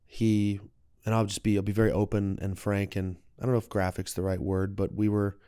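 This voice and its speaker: A man's voice: on the low side, level tone, fairly quick, mellow, clean tone, no echo, clean studio sound. A man in his twenties, a podcast guest, telling a personal story in an open, heartfelt and reflective way. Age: 20s.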